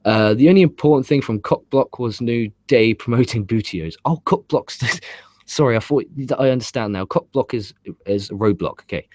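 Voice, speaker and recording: A man's voice: mid-range voice, moderate pace, a little mellow, no echo. A man hosting a wrestling review show, talking casually and ranting emphatically, with frequent swearing and repetition. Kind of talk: casual opinionated review with live comments.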